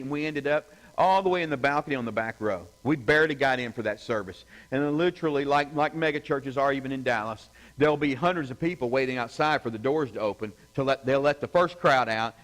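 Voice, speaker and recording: A man's voice: mid-range voice, a bit bright, poor audio. A middle-aged man, a pastor, teaching a church class in a loose, conversational way, full of fillers and asides. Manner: conversational, rambling, lots of fillers and "you know". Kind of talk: informal teaching talk with anecdotes.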